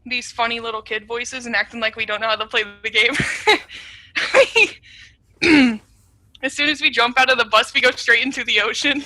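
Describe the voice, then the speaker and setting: A young woman, a guest on a casual podcast, tells stories and giggles through them. Her voice is bright and fairly high, and the sound is dry and close, as from a video call. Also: normal speed, dry recording. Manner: giggly, animated storyteller. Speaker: interview guest.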